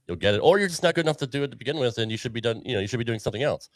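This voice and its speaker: A man's voice: mid-range voice, expressive, racing, no room sound, clean studio sound. A man in a casual podcast conversation, speaking bluntly and swearing. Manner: blunt and profane.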